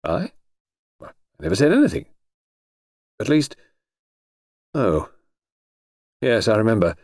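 A man voicing a nervous, uneasy young wife in an audiobook reading, hesitant and halting. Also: fairly low pitch, wildly swooping pitch, a little mellow, no echo, clean studio sound, full character voice.

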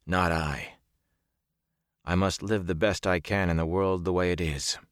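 A man reading a gruff, curt young man. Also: low voice, animated, normal speed, dry recording, clean studio sound. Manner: curt, sour, muttering.

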